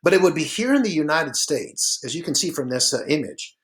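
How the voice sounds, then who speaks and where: Man lecturing over slides with many pauses. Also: on the high side. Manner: relaxed and explanatory, with frequent "uh" fillers.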